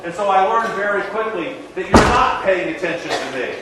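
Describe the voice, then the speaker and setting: A middle-aged man from the American South giving a motivational talk, telling a story in a lively way and acting out the dialogue. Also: high-pitched, moderate pace, heavy background noise. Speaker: motivational speaker. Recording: echoey hall, distant mic.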